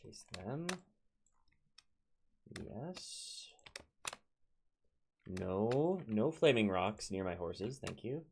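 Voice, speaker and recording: Young Minnesotan male gamer, low and gravelly, laid-back running commentary. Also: very animated, very slow, pauses often, noisy background. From Minnesota, United States. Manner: chatty, talks to his units, chuckles often. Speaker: let's play host. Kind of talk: casual gameplay commentary.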